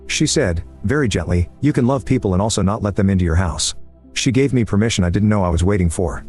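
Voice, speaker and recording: In a slightly low voice, a male storyteller briskly works through a scripted first-person narrative. The reading stays steady, even and measured, with dry similes sprinkled in, and music sits faintly behind him.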